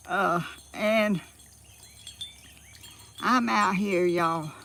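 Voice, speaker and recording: A woman's voice: medium pitch, creaky, pushed and bright, a little hiss or hum. A woman with a Southern US accent, rambling in a folksy way on a live stream from her phone outdoors, a little out of breath. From Georgia, US South. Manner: rambling and folksy, with frequent laughs and fillers. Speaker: vlogger.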